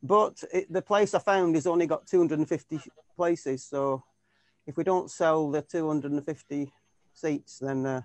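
A man talks casually in a fairly high voice, rambling from thought to thought and restarting his sentences with lots of fillers. The sound is dry and close, with no room echo. He is speaking over a video call. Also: normal speed. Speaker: tribute band keyboardist. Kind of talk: casual interview chat.

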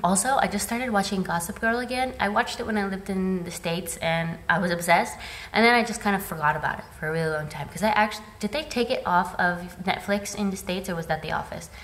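Bubbly mom vlogger, talks fast and chatty with lots of "like", handheld camera at home. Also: female voice, mid-range voice, a bit bright. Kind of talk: casual vlog chat to camera. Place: at home in a playroom.

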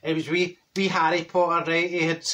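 Here a man's fairly high, sharp voice barely moves in pitch and runs a little fast as he performs a blunt older woman from Glasgow. The comic story comes out gossipy, in a broad, chatty Glaswegian accent stuffed with "wee" and "right?".

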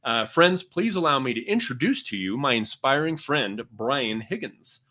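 A man's voice: medium pitch, animated, moderate pace, bright, forceful tone. A man hosting an interview, enthusiastic and full of "uh" fillers. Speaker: interview host.

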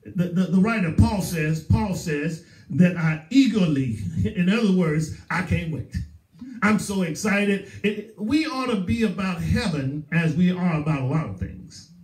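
A male pastor with a Southern US accent preaches a sermon in a church sanctuary, using emphatic repetition. His voice sits high and sounds animated and unhurried with a darkish tone, heard from far off with a roomy echo.

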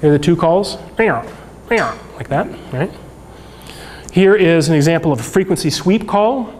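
A man's voice: fairly high pitch, normal speed, a little hiss or hum. Male lecturer talking through slides. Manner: relaxed, conversational, with frequent fillers and restarts. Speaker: workshop instructor. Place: lecture room.

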